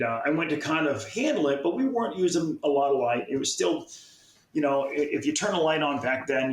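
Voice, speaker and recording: A man with a medium-pitched voice, a fishing magazine publisher, tells a long story in casual chat, captured in a low-quality recording with an echoey room. He rambles, often restarting sentences and repeating words.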